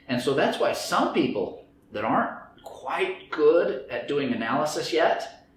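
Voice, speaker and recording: A man's voice: fairly high pitch, very animated, measured pace. A man giving a lecture to a group, acting out inner voices in quoted dialogue. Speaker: speaker on anxiety and stress. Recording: very echoey room, faint background noise.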